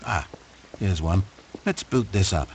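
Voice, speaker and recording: A man's voice: low voice, expressive, measured pace, a little mellow, a little hiss or hum. A man playing a game's sardonic male narrator, who reproaches the player directly with dry, needling asides. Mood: sarcastic. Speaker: game narrator. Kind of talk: scripted game narration.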